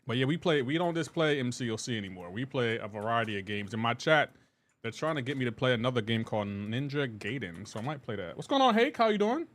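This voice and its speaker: A man's voice: medium pitch, big pitch swings, fast talker, a bit bright. Upbeat man streaming games live. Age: adult with a child. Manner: upbeat, greets chatters by name, chatty asides. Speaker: game streamer. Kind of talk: casual live-stream chat.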